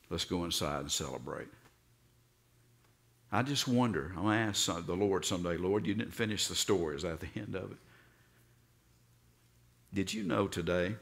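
Low-voiced Southern pastor preaching. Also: male voice. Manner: storytelling, acts out voices with sudden loud outbursts. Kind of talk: sermon.

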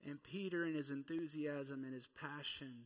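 A man in his thirties, a pastor, gives a sermon in church with a fairly high pitch, a steady tone, and normal speed. He speaks conversationally and playfully, acting out quotes, with church hall reverb on the recording.

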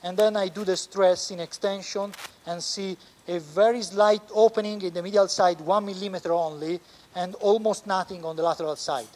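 A man with an Italian accent, a surgeon explaining a knee operation step by step as he works in the operating room, pausing often. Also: high voice, fairly even intonation, a little mellow, a little hiss or hum. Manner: explains step by step, halting with frequent pauses. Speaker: orthopedic surgeon. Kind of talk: live surgical teaching demonstration.

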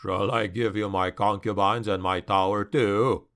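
A man voicing a scornful, imperious male dark elf warlord in a fantasy audiobook, speaking slowly and with contempt. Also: fairly low pitch, fairly even intonation, vocal fry, pitched below the performer's own voice.

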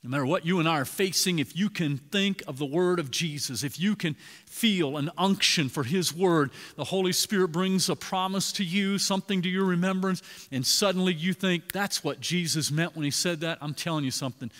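High-voiced man preaching in a reverberant hall. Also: normal speed. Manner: animated preaching, swinging from loud to hushed. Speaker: pastor. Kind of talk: sermon. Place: church sanctuary. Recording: long reverb in a large hall.

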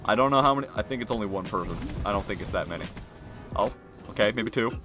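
A young man commentating his own gameplay in a casual, slangy way, muttering to himself and then yelling at the game. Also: fairly low pitch, lively intonation, quick pace. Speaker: gaming video creator. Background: game music and gunfire.

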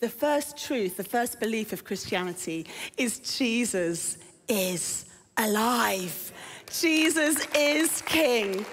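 A woman preaching a sermon in a conversational way, often putting questions to the congregation. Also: sits high. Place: church auditorium. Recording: reverberant church hall.

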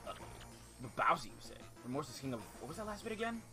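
A man voicing a pompous, self-assured male detective in a video game, making theatrical, drawn-out accusations. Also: on the high side, sing-song, music in the background. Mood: smug. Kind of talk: reading game dialogue aloud in voices.

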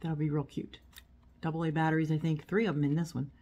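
A woman's voice: low-pitched, flat delivery, quick pace, dark tone, dull audio. A woman chatting casually as she unboxes and shows a haul of small items at home, rambling as she goes. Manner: chatty, rambling, talks while handling items. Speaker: vlogger. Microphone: phone. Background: crinkling packaging.

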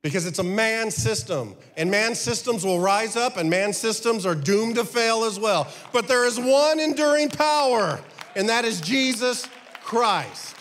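Fifties male pastor, high lively voice, rhetorical sermon style, long church reverb. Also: a little slow. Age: 50s. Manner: rhetorical questions, emphatic preaching.

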